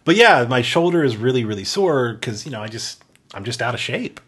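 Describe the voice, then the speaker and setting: A man in his forties, co-hosting a casual podcast chat, talking in a sheepish, halting way and repeating words. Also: mid-range voice, very animated, fairly bright tone, husky. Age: 40s. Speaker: podcast co-host.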